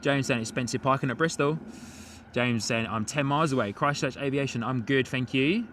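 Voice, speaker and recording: An English man in his thirties hosts a live plane-spotting stream outdoors at an airport in light rain, chatting loosely with many fillers and laughs. His voice is mid-range, fairly quick, and a bit bright, with faint outdoor and vehicle noise behind him.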